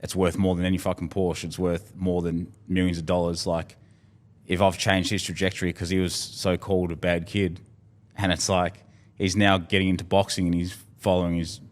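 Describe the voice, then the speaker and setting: Australian male guest, very low voice, frank heartfelt storyteller who swears often. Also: flat delivery, moderate pace. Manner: candid, heartfelt, swears freely. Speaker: podcast guest. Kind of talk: casual conversation.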